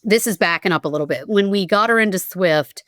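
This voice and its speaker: Smooth-voiced woman telling her story. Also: mid-range voice, no echo, clean studio sound. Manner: animated, emotional retelling, quick restarts. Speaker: podcast guest, parent. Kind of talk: conversational storytelling.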